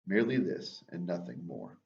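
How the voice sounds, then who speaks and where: A teacher reading a gothic poem aloud to his class, slow and deliberate, trailing off quietly at line ends. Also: low-pitched, very animated, gravelly, heavily acted. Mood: somber. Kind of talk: dramatic poetry reading. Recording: distant, dull lo-fi mic.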